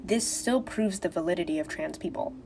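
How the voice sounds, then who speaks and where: A woman's voice: on the low side, fairly quick, gravelly, a little mellow, soft background music. A woman talking assertively in a lecturing, argumentative video monologue. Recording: faint background noise.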